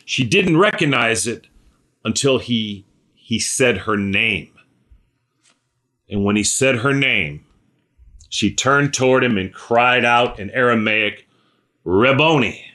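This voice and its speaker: Speaking at medium pitch in a pushed, bright tone, a pastor preaches conversationally. His delivery is halting, with fillers, restarted sentences, and repeated check-ins like "right?" and "okay?"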